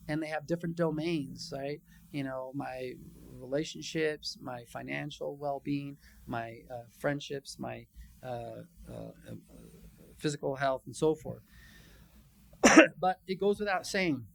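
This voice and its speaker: Gravelly-voiced man lecturing, conversational. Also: a little high, slight background noise. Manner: conversational and animated, acting out patients' quotes. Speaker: psychologist giving a training session. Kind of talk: conference lecture.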